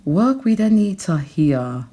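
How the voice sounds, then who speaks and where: Low-voiced woman chatting through a beading tutorial. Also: slow. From England. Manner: chatty, talks to herself while working, bursts into excited laughter. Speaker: jewellery designer.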